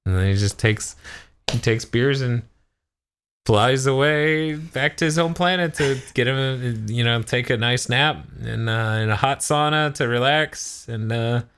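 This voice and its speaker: Bright-voiced man recapping with silly voices. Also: mid-range voice, measured pace, smooth. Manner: retells scenes, acting out character lines in funny voices. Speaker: podcast co-host. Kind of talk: casual recap chat.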